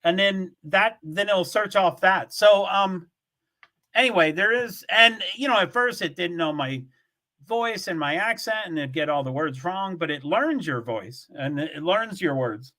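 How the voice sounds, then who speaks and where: A man's voice: high-pitched, expressive, unhurried, pushed and bright. An older man hosting his own livestream, chatting in a rambling, casual way, full of fillers and frequent chuckles. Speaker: livestream host. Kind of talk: rambling casual chat to viewers. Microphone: streaming setup, from home.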